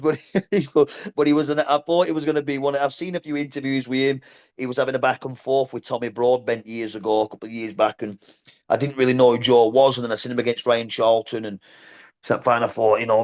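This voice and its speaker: Bloke chatting in an interview, blunt and lively, keeps saying mate, bit of a dull lo-fi sound. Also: male voice, medium pitch. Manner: blunt and animated, calls the host "mate". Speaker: guest, former boxer and coach. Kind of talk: casual interview chat.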